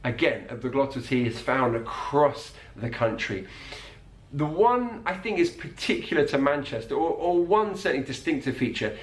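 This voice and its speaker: A man teaching about accents, explaining clearly and repeating words to show how they sound. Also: medium pitch, lively intonation, moderate pace. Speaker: accent coach. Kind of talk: explanatory video lesson. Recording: roomy echo.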